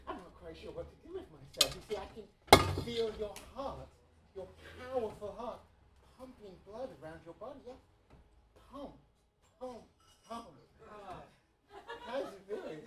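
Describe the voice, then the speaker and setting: A woman voicing a swooning, lovesick male emperor in a comedic audio play, breathy, giggly and flirtatious. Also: medium pitch, animated, a little slow, pauses often, roomy sound, background noise, lightly acted.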